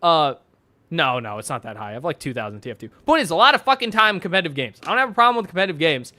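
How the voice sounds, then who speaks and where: This young man's voice is a little high, expressive and sharp, racing along with no echo. Chatting on a stream as he reads donations, he rambles and swears, laughing frequently amid many fillers.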